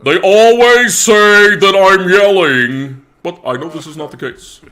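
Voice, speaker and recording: A man doing a gruff, shouty old politician. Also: sits high, unhurried. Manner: swings between yelling and muttering. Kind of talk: comedic impression.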